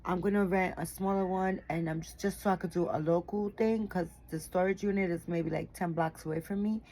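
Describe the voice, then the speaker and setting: A woman's voice: lowish voice, fairly even intonation, fairly quick, a little mellow, rough recording. A tired woman chatting casually to her viewers, rambling with lots of fillers and the odd swear word. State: tired and yawning. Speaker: doll collector vlogger. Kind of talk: casual chat to camera.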